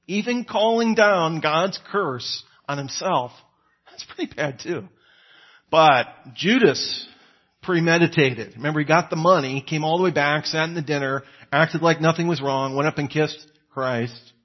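A man delivers a sermon in a casual, storytelling way, his voice slightly husky and a little higher than most men's. He breaks into quoted lines with sharp jumps in pitch and loudness. The recording sounds dull and lo-fi. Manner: conversational, acts out quoted lines with rising pitch and volume. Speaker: preacher.

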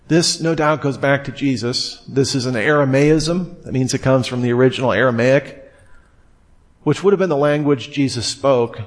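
A man's voice: mid-range voice, normal speed. Conversational male Bible preacher. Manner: conversational, digressive, with asides and repetitions. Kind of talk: Bible teaching sermon.

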